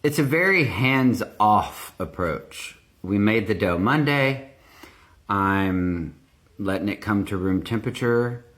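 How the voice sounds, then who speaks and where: A man's voice: fairly low pitch, lively intonation, slow, fairly bright tone. A man casually chatting through a home baking vlog, rambling with little asides. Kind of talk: casual chat. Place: home baking room, indoors. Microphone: phone, sometimes earbuds.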